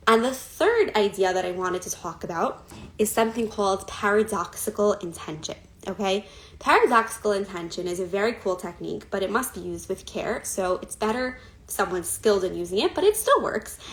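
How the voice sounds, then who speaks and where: Woman coach, conversational live-stream talk, loose and chatty, frequent fillers. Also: mid-range voice. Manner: chatty, many fillers and laughs.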